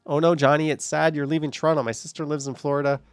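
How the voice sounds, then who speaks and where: Gravelly-voiced man chatting on a livestream. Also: fairly high pitch, little pitch movement, quick pace, dry recording, soft background music. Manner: joking, sarcastic asides with frequent laughs. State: short of breath, voice fading. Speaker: livestream host reading chat comments. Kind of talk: casual live chat.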